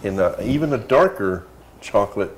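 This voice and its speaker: A man's voice: fairly low pitch, lively intonation, normal speed, noisy background. A man hosting a casual local TV chat in a folksy, chatty way. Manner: folksy, chatty, says y'all. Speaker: TV show host.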